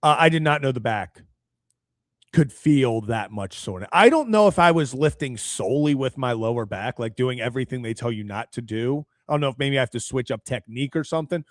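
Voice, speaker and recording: A man's voice: medium pitch, expressive, brisk, no echo, studio quality. A man in his twenties co-hosting a sports talk show, telling a story in easygoing casual chat. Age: 20s. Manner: easygoing, storytelling with many fillers.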